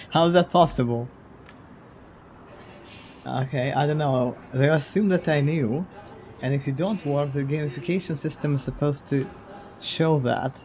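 A man's voice: a little high, measured pace, pauses often, darkish tone. A man streaming a detective game, commenting casually in a wry, blunt way with casual swearing. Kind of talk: casual let's-play commentary.

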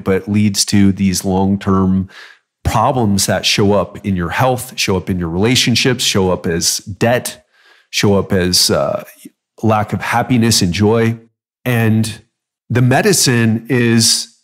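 A middle-aged man hosting a solo podcast in a casual, conversational way, acting out little quoted voices now and then. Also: mid-range voice. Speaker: podcast host.

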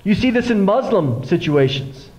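The voice sits high as a middle-aged male pastor gives a sermon in a church sanctuary at normal speed, with the recording's highs cut off. He brings his stories to life by acting out the quoted voices.

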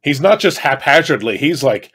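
A man's voice: medium pitch, very animated, moderate pace, fairly bright tone, breathy edge. A man co-hosting a podcast, casually chiming in on a film recap. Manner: laid-back, chimes in with short agreements and laughs. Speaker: podcast co-host. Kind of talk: casual movie recap chat.

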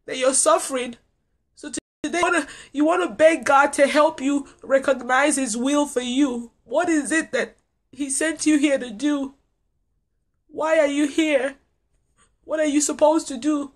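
A middle-aged woman preacher giving a personal, earnest sermon to online viewers, repeating lines for emphasis. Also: high voice.

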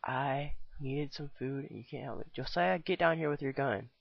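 A man's voice: medium pitch, normal speed, creaky, slightly rough, no echo, muffled recording. A man voicing a short-tempered cowboy ranger in a homemade stop-motion film, talking in an impatient, exasperated way. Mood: fed up.

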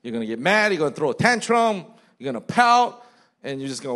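A man's voice: a little high, quick pace. Guy preaching in church, voice swings up and down a lot, acts out little bits of what people say. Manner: animated preaching, mimics people in quoted asides. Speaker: pastor. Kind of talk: sermon. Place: church sanctuary.

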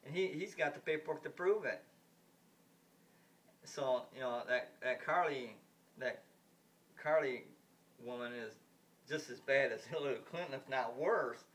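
A man's voice: mid-range voice, measured pace, pauses often, a bit bright, recorded from a distance. A man rambling in a casual monologue, blunt and indignant, repeating himself with many restarts and the odd swear word. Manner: rambling, repetitive, lots of restarts and stumbles. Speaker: vlogger giving political opinions.

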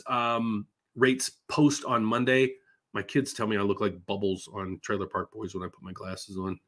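A man's voice: medium pitch, fairly bright tone. A middle-aged man hosting a mortgage show, answering viewer questions in a chatty, reassuring way and explaining things step by step. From United States.

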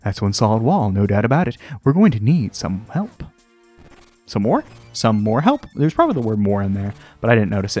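A man hosting a let's play, rambling and joking at himself, often jumping into a high sing-song voice. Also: very animated, a little fast, darkish tone, soft background music. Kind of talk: casual gameplay commentary. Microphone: desk microphone.

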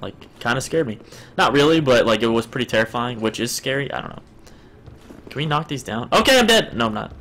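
A man streaming a video game and commenting as he plays, yelping and shouting in panic, then muttering quietly to himself. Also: medium pitch, fairly quick. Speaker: gaming streamer. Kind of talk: let's-play commentary.

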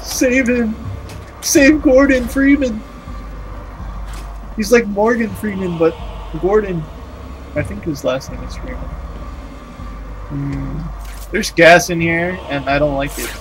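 A man's voice: on the high side, a little slow, pauses often, slight background noise. A man recording let's play commentary, jumpy and swearing as he reacts aloud to what happens on screen. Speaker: gamer playing a horror-tinged action game. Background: game music.

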